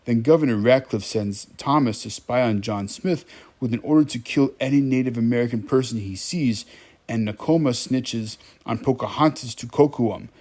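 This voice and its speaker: A man's voice: medium pitch, moderate pace, a little mellow. A man giving a casual, wry movie recap, chatting directly to his viewers.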